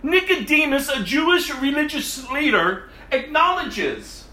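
A man's voice: very high-pitched, sing-song, unhurried, bright, forceful tone. A man preaching a sermon, reading scripture and then explaining it with emphatic repetition of key words. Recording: echoey room.

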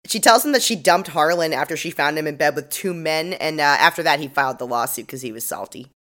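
A woman's voice: deep voice, fairly quick, fairly bright tone. A young woman co-hosting a podcast, recapping a TV episode in casual, sarcastic chat, swearing freely and laughing often. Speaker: podcast co-host.

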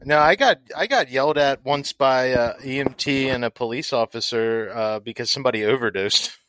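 A relaxed man trades stories on a drinking podcast, chuckling as he talks. His voice sits at a middle pitch, recorded close and dry. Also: normal speed, smooth, dry recording. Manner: laid-back, laughs often, swears casually. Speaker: podcast co-host. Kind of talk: casual chat over drinks.

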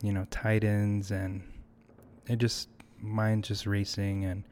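Young guy guest, lowish flat voice, kinda hesitant and thoughtful, lots of restarts. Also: slow, slight background noise. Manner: hesitant, reflective, many restarts. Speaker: podcast guest. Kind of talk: casual conversational interview.

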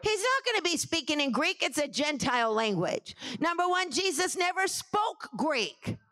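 A woman pastor teaching scripture in a sermon, calling for responses from the congregation with emphatic repetition and rising into shouted preaching. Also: high voice, very animated, normal speed, no echo. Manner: rises to shouted preaching at climaxes.

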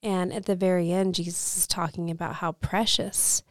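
A woman's voice: lowish voice, little pitch movement, moderate pace, no echo, clean studio sound. A woman in her thirties co-hosting a faith podcast, telling a story earnestly and with emotion. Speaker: podcast co-host.

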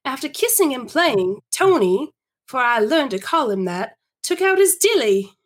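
A woman's voice: on the high side, very animated, a little slow. A woman reading as a prim Victorian girl. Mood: confiding. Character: prim Victorian young woman telling a secret.

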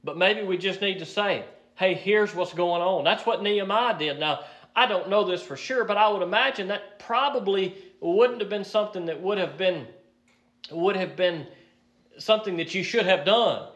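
A man preaching in a slightly high voice. He teaches through a Bible passage in a relaxed, conversational way, often pausing on fillers and restarting his sentences. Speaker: pastor. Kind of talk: sermon.

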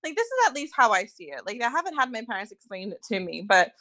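Young Australian woman co-host, slightly high voice, loose rambling chatter. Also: big pitch swings, quick pace, pushed and bright. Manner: chatty, rambling with many likes. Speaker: podcast co-host. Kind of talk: casual chat.

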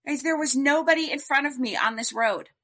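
A woman telling her story as a guest in a podcast interview, chatty and animated, with many fillers. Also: sits high, fairly quick.

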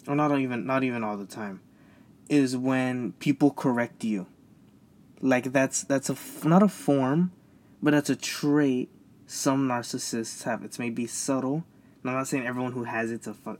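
A man's voice: medium pitch, a little mellow. A young man rambling in a casual solo podcast, stammering and repeating himself, frustrated and venting. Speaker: podcast host.

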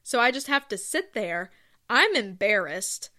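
A woman hosting her own podcast, rambling through casual stories with self-deprecating asides and bursts of excitement. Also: mid-range voice, measured pace. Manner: gushes with excitement. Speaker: podcast host. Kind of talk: casual solo podcast chat.

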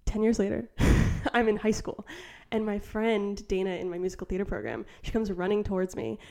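Animated storytelling woman in her late twenties. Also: mid-range voice, fairly quick, creaky. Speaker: comedian guest. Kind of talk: casual podcast chat.

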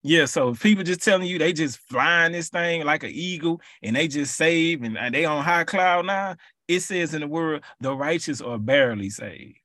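Preaching lively and colloquially, the man leading this podcast Bible study repeats his phrases for emphasis. He speaks at a normal speed with a fairly high pitch, in studio-quality sound with no echo.

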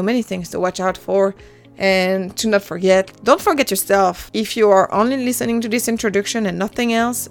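A woman in her thirties from France, with a French accent, hosts her own podcast as a casual solo monologue. Her mid-range voice is clear and resonant, and she's chatty and self-deprecating, laughing often.

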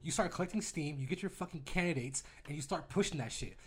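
Brief: male podcast co-host, slightly high voice, very animated pitch, profane and joking, casual banter. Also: quick pace, slightly rough. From California.

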